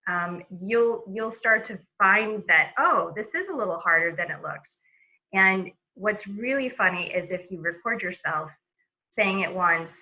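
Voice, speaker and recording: A woman giving a relaxed webinar lesson on a video call, talking casually with many fillers and restarts. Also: mid-range voice, low-quality recording. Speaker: presenter.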